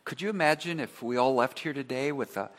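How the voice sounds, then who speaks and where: A man preaching a sermon, earnest and emphatic, who leads his congregation in call-and-response and drops to a soft voice on key phrases. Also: medium pitch, brisk. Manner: earnest preaching, rising to emphatic repetition then dropping soft. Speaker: pastor.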